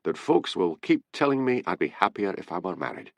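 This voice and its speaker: A man voicing a laconic Highland police constable with a terse manner. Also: wildly swooping pitch, brisk, creaky, no echo, exaggerated voice. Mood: brisk.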